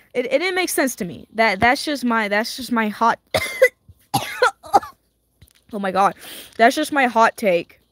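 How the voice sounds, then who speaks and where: Casting note: a rambling, giggly woman gamer with a bouncy, fairly high voice and a dry, close sound. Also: expressive, takes it slowly, pauses often, a bit bright, no room sound. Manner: rambling, full of "like" and restarts, giggly. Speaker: gaming video creator. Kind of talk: casual rambling chat while playing a game.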